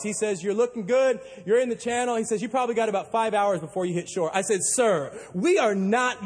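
A male pastor preaching a sermon, telling a story with animated delivery and acting out panicked quotes. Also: high voice, fairly quick, hardly any pauses, husky. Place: church auditorium. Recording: long hall reverb.

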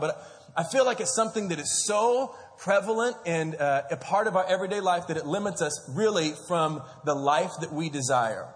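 Pastor, male, thirties: high, bright-voiced, animated comic storyteller preaching from a stage, long church-hall reverb. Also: fairly quick. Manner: joking, animated storytelling to a congregation, calls for amens. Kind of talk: sermon. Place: large church auditorium.

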